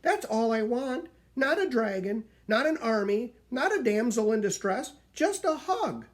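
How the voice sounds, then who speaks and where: A man voicing a little girl, a stubborn niece who misses her father, in a high pleading voice. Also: sing-song, a little slow, exaggerated voice.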